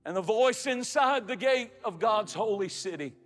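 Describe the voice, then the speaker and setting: A man's voice: sits high, animated, normal speed. A man preaching a sermon, emphatic, with dramatic rises and drops in his delivery. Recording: long hall reverb with faint music.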